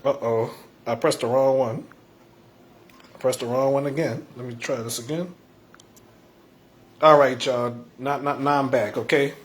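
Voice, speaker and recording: A man's voice: mid-range voice, steady tone, unhurried, long pauses. Stammering man on a home livestream. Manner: stammering, repeats words, chuckles often. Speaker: livestream host. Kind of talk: casual livestream chat. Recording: echoey room.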